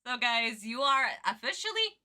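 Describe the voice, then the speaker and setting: A woman streamer giving casual livestream reaction commentary in an animated, exclamatory way, swearing freely. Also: fairly high pitch, moderate pace.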